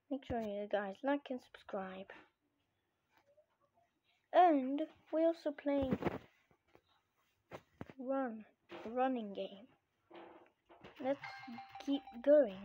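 A woman's voice: on the high side, mellow, a little hiss or hum. A woman giving gameplay commentary, frustrated and complaining, often asking why things go wrong. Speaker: gamer. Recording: muffled lo-fi recording.

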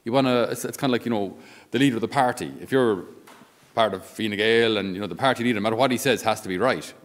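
A man's voice: on the low side, fast talker. A man with an Irish accent, a Catholic priest giving a conversational homily with wry asides. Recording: long reverb of a large hall.

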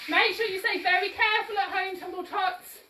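Speaking a little fast in a very high voice with a steady tone, a woman leads a live-streamed action-song class for toddlers against a noisy background. She's upbeat and sing-song, encouraging the little ones while moving about and slightly out of breath. The room echoes and she sounds distant.

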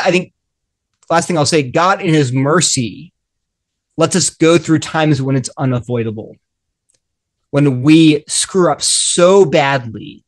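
Earnest man with a fairly high voice. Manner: earnest, acts out little dialogues, frequent restarts. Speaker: guest author. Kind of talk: animated discussion.

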